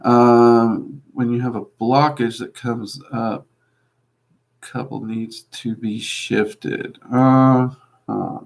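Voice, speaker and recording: Male host, mixed Kentucky-Louisiana Southern accent, gravelly, mid-pitched, rambling live-chat delivery with frequent ums. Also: flat delivery, drawn-out words. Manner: rambling, hesitant with many ums, friendly asides. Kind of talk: casual livestream chat.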